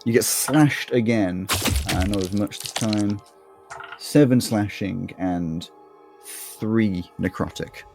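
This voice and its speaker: Gm, male, lowish voice, laid-back narration, light music underneath. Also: slow pace, creaky. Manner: relaxed, easygoing, with fillers. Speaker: game master. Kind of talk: narrating a tabletop game.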